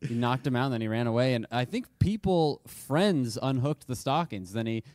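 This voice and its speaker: A man's voice: mid-range voice, lively intonation, normal speed, a little mellow, no echo. A man co-hosting a casual comedic history podcast, laid-back, chiming in with dry quips and short agreements. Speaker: podcast co-host.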